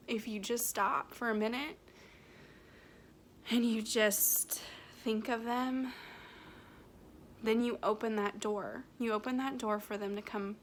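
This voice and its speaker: A woman working as a medium, talking emotionally in a vlog, close to tears, halting with many restarts and fillers. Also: on the high side, a bit bright, slight background noise.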